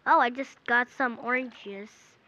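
A woman's voice: fairly high pitch, measured pace, pushed and bright. A woman narrating casually over a mobile game, chatty and easily distracted, thinking aloud as she plays. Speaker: gameplay narrator. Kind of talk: casual game commentary with pretend play. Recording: dull lo-fi recording.

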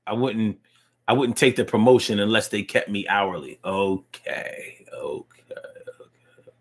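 A man's voice: fairly low pitch, normal speed, breathy edge. A man hosting a casual live-stream talk show, chatting loosely with slang and lots of restarts, reading viewer comments aloud.

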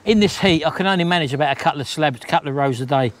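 Middle-aged vlogger host, rambling jokey chat, voice a touch high. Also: male voice, racing. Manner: chatty, rambling, jokey, calls wife baby. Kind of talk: casual chat to camera.

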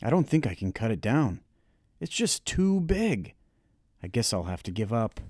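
A man's voice: medium pitch, big pitch swings, normal speed, a little mellow, no room sound, clean studio sound. A man voicing a tired, earnest young country boy in an audiobook reading, talking in a weary, pleading way.

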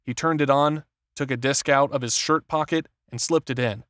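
Male narrator, measured thriller reading, medium pitch, dead-dry recording. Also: fairly even intonation, a bit bright, no room sound. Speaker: audiobook narrator. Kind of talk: scripted narration.

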